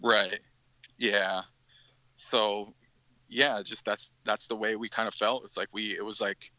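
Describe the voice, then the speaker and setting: A man's voice: on the low side, fairly even intonation, slow pace, bright, forceful tone, dry recording, low-quality recording. A man, a band's guitarist, telling a rambling story in a casual podcast interview, with many restarts. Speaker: musician guest.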